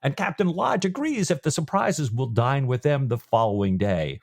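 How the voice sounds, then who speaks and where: A man's voice: mid-range voice, normal speed, creaky. A man co-hosting a podcast, retelling a novel's chapter in casual chat and acting out its lines. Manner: animated storytelling with quoted lines. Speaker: podcast co-host.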